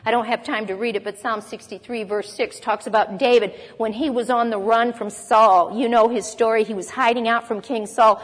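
A woman's voice: fairly high pitch, fairly even intonation, moderate pace, few pauses. A woman preaching a Bible lesson, earnestly explaining verses and reading scripture aloud. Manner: earnest teaching, reads scripture aloud, occasional light laugh. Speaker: Bible teacher. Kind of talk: sermon. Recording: long hall reverb.

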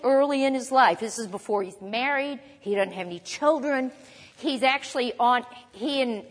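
A woman with a somewhat high voice preaches a sermon, talking to her listeners in a conversational but emphatic way. She slows down when she reads scripture aloud. Her voice carries a long reverb, as if she is in a large hall.

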